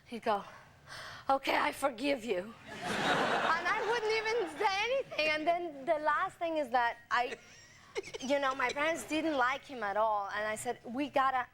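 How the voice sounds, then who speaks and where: A woman telling animated anecdotes as a talk show guest, laughing often and acting out the voices of people in her stories, on a noisy satellite TV recording. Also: sits high, normal speed. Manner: laughing storyteller, acts out quoted voices. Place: TV studio with audience.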